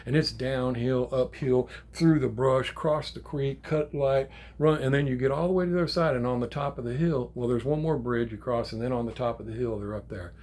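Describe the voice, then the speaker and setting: An older man, a grandfather, telling a story in a casual, animated way, with swearing and acted-out quotes. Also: medium pitch, fairly quick, hardly any pauses. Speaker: channel host.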